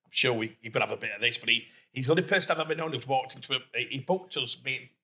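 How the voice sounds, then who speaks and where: Yorkshire man, entrepreneur guest, clear bright tone, lively storyteller, casual interview chat. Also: medium pitch, quick pace. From Doncaster, England. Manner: lively storyteller who acts out quoted speech.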